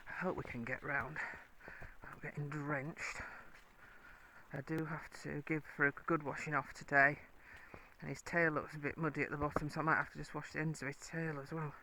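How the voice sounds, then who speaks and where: A woman's voice: sits low, flat delivery, brisk, noisy background. A woman riding her horse on a bridleway, chatting casually and coaxing the horse with praise. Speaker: horse rider and vlogger. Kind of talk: casual talk while riding.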